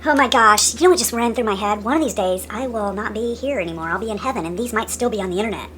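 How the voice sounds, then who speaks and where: A woman's voice: medium pitch, fast talker, a bit bright, slight background noise. A woman hosting a casual get-ready-with-me makeup vlog, playful and giggly with jokey asides. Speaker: beauty vlogger host.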